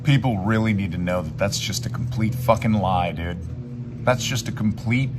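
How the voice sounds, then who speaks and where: A man's voice: on the low side, normal speed, music in the background. A young man delivering an angry, profane rant at someone, mocking him and calling him "dude" again and again. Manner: heated, profane, mocking, repeatedly says "dude". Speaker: YouTuber responding to a video.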